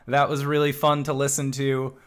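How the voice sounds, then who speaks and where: A man's voice: medium pitch, completely flat delivery, moderate pace, fairly bright tone, clean tone. Chatty man opening a tabletop stream. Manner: chatty, rambling, laughs often. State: a bit out of breath. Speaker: dungeon master. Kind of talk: casual stream intro for a tabletop game.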